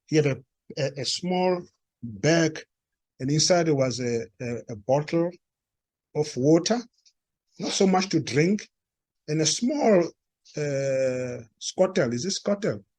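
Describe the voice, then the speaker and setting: Halting South African man telling a story. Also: a little high, lively intonation, a little mellow, no echo. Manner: halting, repeats words and restarts, acts out quoted dialogue. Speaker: speaker at a talk. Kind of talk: storytelling talk to a live audience. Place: meeting room.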